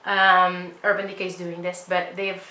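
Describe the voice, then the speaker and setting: A young beauty vlogger chats casually while doing her makeup, rambling into asides and mocking herself. Her voice is on the low side, bright and forceful yet completely flat in delivery, at normal speed, and the rough recording sounds roomy.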